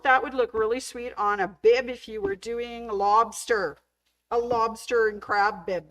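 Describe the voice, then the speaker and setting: A woman's voice: a little high, fairly even intonation, measured pace, rough recording. A woman hosting a casual sewing shop video, chatty and enthusiastic as she shows off patterns, gushing over how cute everything is. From Canada. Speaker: sewing store host. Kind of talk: casual show-and-tell demo.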